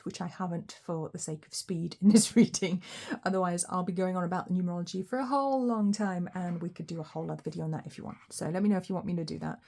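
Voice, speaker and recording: Woman tarot reader with a warm, mellow voice; chatty, rambling delivery. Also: lowish voice. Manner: rambling and chatty, musing aloud. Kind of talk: chatty tarot card reading.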